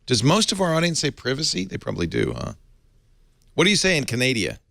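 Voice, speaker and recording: A male podcast host leading a casual tech discussion with a lively, swooping delivery. His voice sits in a middle range and comes across close and dry on a studio mic. He plays around with his pitch for jokes. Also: quick pace, vocal fry, no echo. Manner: playful, animated, jumps between pitches for jokes. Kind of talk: casual tech panel chat.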